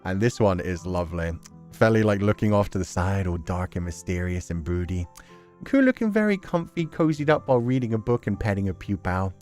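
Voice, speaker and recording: A man's voice: sits low, big pitch swings, a little fast, a little mellow, faint music behind. A man chatting casually on a live stream, reacting to fan art and laughing often.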